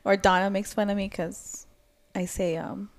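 A woman from California chatting as a podcast guest, animated and laughing at herself. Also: medium pitch, moderate pace. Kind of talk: casual chat.

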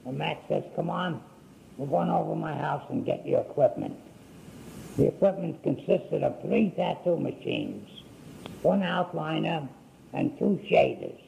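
A man's voice: a little high, big pitch swings, gravelly, warm tone, slight background noise, rough recording. An older man telling his life story in a folksy, rambling way, acting out what people said. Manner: folksy, unhurried, acts out quoted speech.

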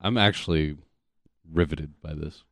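A man's voice: a bass voice, a little slow, no echo, clean studio sound. A man of twenty-five, a podcast co-host trading casual, teasing, profane banter over drinks.

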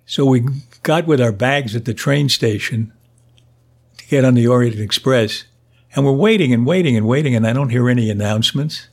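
An older man, a podcast guest, telling a story with lively delivery and frequent laughter. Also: mid-range voice, normal speed. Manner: animated, laughs through his stories. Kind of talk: storytelling anecdote.

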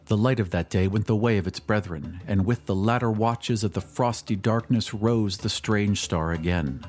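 A man reading a classic story aloud as an audiobook narrator, measured and dramatic. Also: fairly low pitch, darkish tone, soft background music. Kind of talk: scripted narration.

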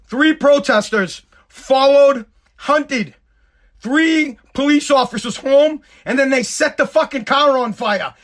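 Guy with a really high voice, ranting on his show, cussing a lot, yells sometimes. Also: takes it slowly. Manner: profane, heated, shouting at times. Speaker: show host. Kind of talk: angry rant, talk show.

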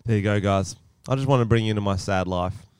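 A man's voice: on the low side, quick pace, smooth, dry recording, studio quality. Swearing Australian man telling stories. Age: 30s. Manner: animated swearing storyteller who acts out scenes. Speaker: podcast co-host. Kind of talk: casual podcast chat.

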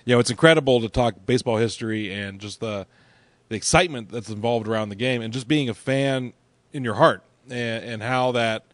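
A man's voice: medium pitch, brisk, dry recording. Male podcast host, dry close sound. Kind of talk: casual interview wrap-up.

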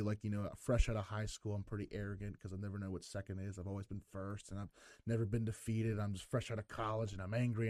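A young man telling stories as a guest in a casual chat, padding every sentence with filler words and acting out what others said. His voice is mellow and dark, and the sound is dry and close. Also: fairly low pitch, no room sound. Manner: rambling, heavy filler words, acts out quotes. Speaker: pro wrestler guest. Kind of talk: casual interview storytelling.

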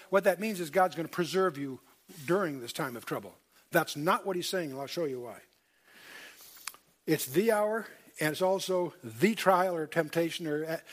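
A man teaching a Bible study lecture, emphatic, repeating key points and checking in with his audience. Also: sits high. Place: lecture hall with screen.

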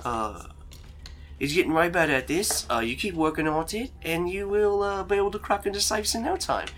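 A man's voice: sits high, fairly quick, a bit bright, slight background noise, pitched above the performer's own voice. A man voicing a boisterous male spy mentor in a put-on Australian accent, as a game master during a tabletop game. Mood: hearty. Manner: hearty, back-slapping.

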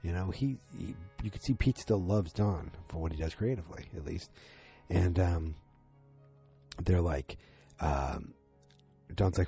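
Deep husky guy rambling thru a tv recap, dark mellow tone, faint music behind. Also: unhurried. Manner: rambling, many fillers and restarts, acts out quotes. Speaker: TV episode recapper. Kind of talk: casual spoken recap.

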